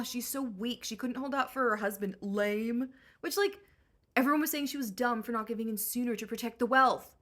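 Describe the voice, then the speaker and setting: A woman's voice: mid-range voice, sharp tone. A woman hosting a comedic story recap, chatty and full of sarcastic asides. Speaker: host.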